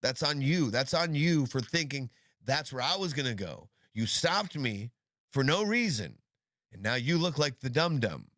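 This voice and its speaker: An indignant man in the middle of a heated argument, sarcastic and swearing, leaning hard on single words. His voice sits at an ordinary pitch, and the sound is close and dry with no room around it. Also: big pitch swings, moderate pace, fairly bright tone, no room sound.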